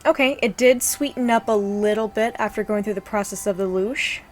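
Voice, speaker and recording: A woman reviewing absinthe in a vlog, describing its look and aroma in a measured, descriptive way. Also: medium pitch, faint music behind. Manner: measured, descriptive tasting commentary.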